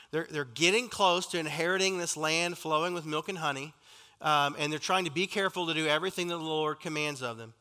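A man delivers a sermon in a bright, forward voice pitched a little high. He talks animatedly, often restarting and filling his pauses, and acts out the people he quotes. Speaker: preacher.

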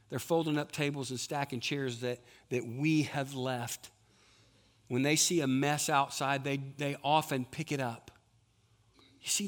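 High bright-voiced male pastor preaching. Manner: conversational preaching with rhetorical questions to the congregation. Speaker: lead pastor. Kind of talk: sermon.

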